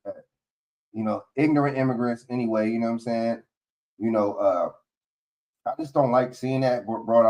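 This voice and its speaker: A man's voice: medium pitch, a little mellow. Blunt, profane man ranting on a livestream. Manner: blunt, profane, repeats "you know what I'm saying". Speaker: livestream host. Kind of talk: casual political commentary. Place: home studio, livestream.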